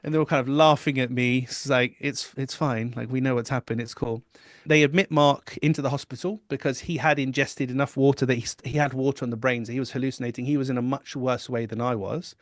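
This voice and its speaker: A middle-aged man, a podcast guest, telling a personal story in a candid, animated way. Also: mid-range voice, fast, dry recording, clean studio sound. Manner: candid, animated retelling with quoted inner thoughts.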